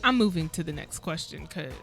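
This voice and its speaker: A woman's voice: low voice, expressive, fairly quick, vocal fry, fairly bright tone, soft background music. A woman co-hosting a talk show, incredulous and sarcastic, firing off rhetorical questions. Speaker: guest co-host. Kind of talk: casual talk show chat.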